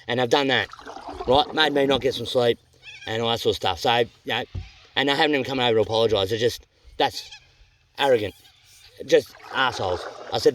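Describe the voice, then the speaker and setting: An Australian man talks fast and casually to the camera from a canoe on a river. His storytelling is blunt and rambling, with plenty of swearing. A faint noise sits under the voice. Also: medium pitch. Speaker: vlogger on a canoe trip. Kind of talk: casual vlog chat.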